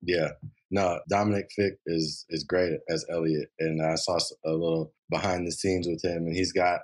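A man's voice: low-pitched, level tone, moderate pace. A man co-hosting a podcast, chatting casually and rambling with many fillers about a TV show. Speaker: podcast co-host.

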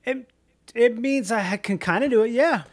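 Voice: medium pitch, moderate pace. A speaker in casual chat, riffing playfully on absurd ideas.

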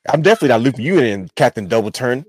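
A man's voice: mid-range voice, lively intonation, very fast, a loud crowd. A man hosting a wrestling podcast, telling a long rambling story in casual chat. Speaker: podcast host.

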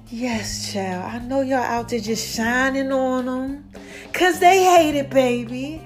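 A woman with a high voice hosts a casual solo show, talking straight to her listeners. She is playful and stretches her words into a sing-song drawl. She sounds a little out of breath, with soft music under her. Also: takes it slowly. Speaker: show host.

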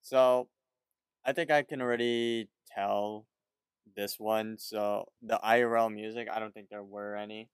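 A man's voice: lowish voice, fairly even intonation, a little slow, clear, resonant tone, no room sound. A man co-hosting a podcast, chatting casually about a cartoon episode with short reactions and questions. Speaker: podcast co-host. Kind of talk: casual cartoon recap chat.

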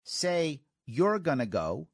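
A man talks casually to his audience, his voice swooping up and down as he gets animated. He speaks a little higher than most men. The sound is dry and close, with no room echo. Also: slightly rough. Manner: animated, giggles, quick asides and restarts. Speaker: podcast host. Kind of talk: casual solo talk answering listener questions.

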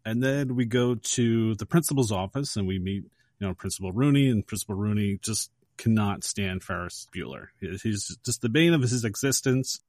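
A man's voice: on the low side, moderate pace, dry recording. Man retelling a movie scene, dry sound. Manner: lively retelling of a movie scene, acting out quotes. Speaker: podcast co-host. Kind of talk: casual podcast film discussion.

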